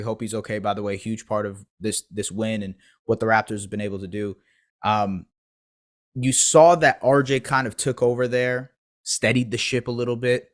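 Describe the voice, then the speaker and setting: A man recapping a basketball game alone, talking in a loose, analytical, casual way. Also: fairly low pitch. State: eating pizza while talking. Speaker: basketball podcast host. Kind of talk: solo game recap commentary.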